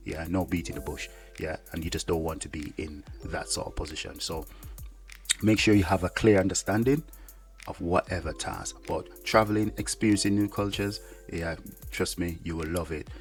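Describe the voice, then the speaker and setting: A man who is a soldier, talking casually to the camera in a rambling way, with lots of "yeah" fillers. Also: low-pitched. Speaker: soldier and vlogger.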